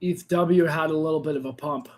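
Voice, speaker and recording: A man with a fairly high voice hosts a live trading stream at his desk. He talks through the charts in loose, casual commentary, often changing his mind mid-sentence. His voice sounds a little worn, as if he is losing it. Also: steady tone, fairly quick. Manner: thinks aloud, second-guesses himself mid-sentence. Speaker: crypto trading livestream host.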